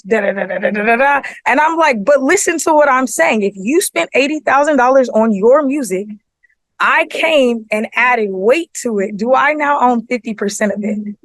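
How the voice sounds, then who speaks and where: A woman's voice: medium pitch, no echo. A woman, an artist manager, chatting casually on a podcast and telling business stories with lots of rhetorical questions, acting out both sides of each argument. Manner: rhetorical questions, frequent "you know what I'm saying". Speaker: artist manager and festival producer.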